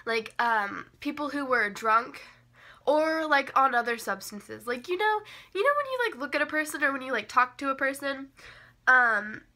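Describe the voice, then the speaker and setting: A young woman telling a story in a casual vlog, chatty and animated, filling her talk with "like" and "um". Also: moderate pace. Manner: chatty, heavy use of "like" and "um" fillers; animated, jumps up in pitch for emphasis.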